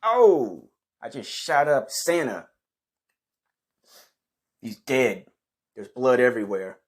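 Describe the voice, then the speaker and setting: Man doing a slow, crude comic story, swearing deadpan. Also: medium pitch, slightly rough. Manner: profane, deadpan. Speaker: comedian narrating a skit.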